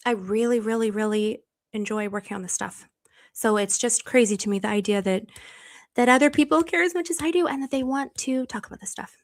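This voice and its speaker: Woman, live-streamer, bubbly, laughs a lot, rambles with restarts, slightly raised pitch. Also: a little fast. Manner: bubbly and effusive, laughs often. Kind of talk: casual live stream chat, reading viewer comments.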